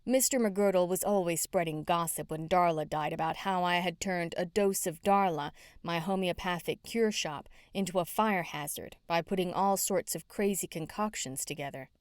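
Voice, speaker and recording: Woman audiobook narrator, wry first-person read, lower voice, dry studio. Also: normal speed, few pauses, no echo.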